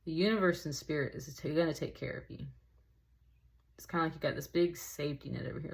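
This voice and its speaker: Low-voiced woman giving a rambling tarot reading. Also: quick pace, creaky. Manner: rambling, emotional, says "y'all" and "like" often. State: tearful. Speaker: tarot reader. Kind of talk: casual spoken tarot reading.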